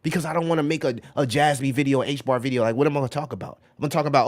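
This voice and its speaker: A man's voice: medium pitch, fairly even intonation, racing, hardly any pauses. Rambling crypto livestreamer man, chatty. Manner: rambling, slangy, says "bro" and "right?" often; reads out and answers viewer chat. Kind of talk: casual live-stream commentary.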